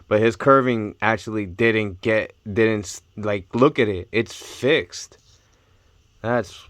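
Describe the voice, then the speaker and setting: A young man vlogging casually about his card collection, talking in excitable bursts and repeating his amazement. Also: lowish voice, clean tone, dry recording. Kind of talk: casual unboxing chat.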